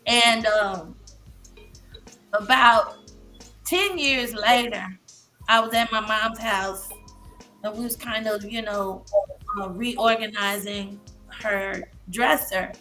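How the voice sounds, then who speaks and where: A woman in her fifties sharing an emotional personal story as a guest on a live show, halting and full of fillers. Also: mid-range voice, bright, forceful tone, faint music behind. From Massachusetts. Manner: halting, many fillers and restarts. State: emotional, near tears. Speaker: guest speaker, licensed therapist.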